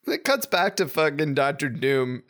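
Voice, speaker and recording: A man co-hosting a casual podcast, ranting with sarcastic, profane outrage. His pitch swings widely as he jumps into silly character voices mid-sentence. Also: big pitch swings, moderate pace, a bit bright. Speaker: podcast co-host.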